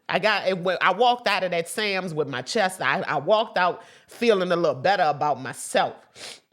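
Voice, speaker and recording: A woman's voice: lowish voice, animated, normal speed, fairly bright tone. A woman hosting a casual spiritual talk for her viewers, chatty and emphatic, with profanity and sudden whoops. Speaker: host.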